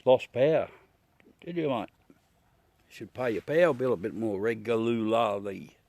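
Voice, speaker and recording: A man's voice: medium pitch, unhurried, a little mellow. An Australian man hosting a livestream, chatting casually with viewers in a rambling, easygoing way, laughing at his own jokes. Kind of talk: casual live chat. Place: at home beside a telescope.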